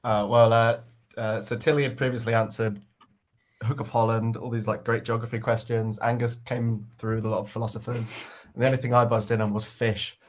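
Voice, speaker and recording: A man guest on a quiz chat show, excitable and laughing as he talks. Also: mid-range voice, a little fast. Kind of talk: casual chat.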